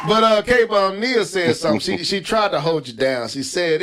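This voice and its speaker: Male host, high bright voice, playful teasing banter. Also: lively intonation, normal speed, a faint crowd. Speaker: podcast host. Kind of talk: casual gaming chat.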